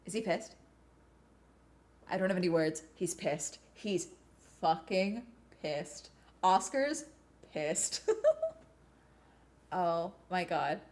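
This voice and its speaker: A woman hosting a live watch-along, chatting casually and breaking into excited cheers and laughter. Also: lowish voice, takes it slowly, pauses often. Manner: swears casually.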